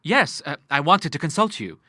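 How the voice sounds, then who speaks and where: An earnest young man, halting and apologetic as he explains himself, as a male audiobook reader voices him. His bright, animated voice is recorded close and dry. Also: fairly high pitch, no echo, voice pushed up, heavily acted. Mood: uneasy. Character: earnest young man, hesitant junior partner. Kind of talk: audiobook character voice.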